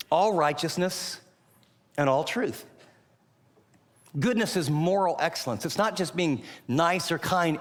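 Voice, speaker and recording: Emphatic male preacher in a reverberant hall. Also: on the high side. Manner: emphatic, rhetorical questions, shifts between loud and hushed. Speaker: pastor. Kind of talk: sermon.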